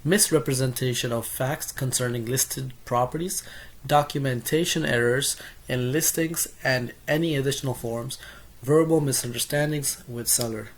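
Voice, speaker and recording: A man's voice: mid-range voice, moderate pace. Man reading study notes aloud. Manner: reads lists steadily, with self-corrections and asides. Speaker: student summarizing course notes.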